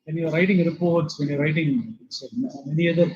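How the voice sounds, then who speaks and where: An English lecturer from India delivers a vocabulary lesson in a high voice with fairly even intonation, explaining patiently and repeating his word lists. He fills gaps with lots of "uh" and "you know," while crowd noise sits under a dull, lo-fi recording.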